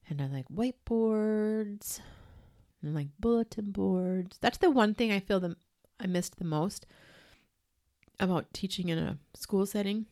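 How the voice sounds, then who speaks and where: A woman's voice: lowish voice, creaky, a little mellow. A woman in her thirties co-hosting a podcast in casual, enthusiastic, teasing chat. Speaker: podcast co-host.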